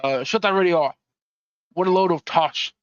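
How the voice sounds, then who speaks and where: A man's voice: sits high, normal speed, dry recording, voice pushed up, close to an everyday voice. Man voicing a grumpy sidekick, crude, scornful, dry muffled sound.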